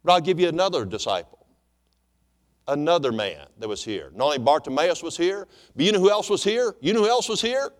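A man's voice: on the high side, big pitch swings, fairly quick, big-room sound. A man preaching a sermon as pastor, emphatic, repeating phrases and asking his congregation rhetorical questions.

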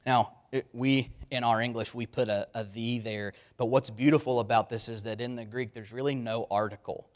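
A man's voice: mid-range voice, steady tone, moderate pace, hardly any pauses. A man preaching a sermon, earnest and emphatic, often repeating key words for weight.

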